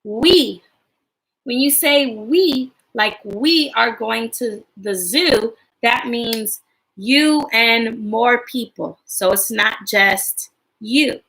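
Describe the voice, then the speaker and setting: Sing-song teacher woman, high and bright. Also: low-quality recording. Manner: slow, sing-song, encouraging teacher talk to young children. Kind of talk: classroom lesson livestream.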